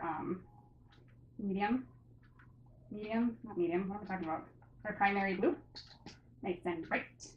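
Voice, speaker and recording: Woman art tutor, rambly and self-deprecating, recorded by a camera mic in an echoey room. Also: medium pitch. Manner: rambling and self-mocking, with many fillers. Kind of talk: casual painting tutorial. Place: room at home. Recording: roomy, dull recording with background noise.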